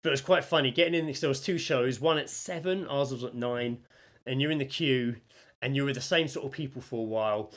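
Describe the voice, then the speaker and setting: A man's voice: mid-range voice, a little fast, fairly bright tone. A man co-hosting a podcast, telling a story in casual chat and acting out the people he quotes. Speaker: podcast co-host.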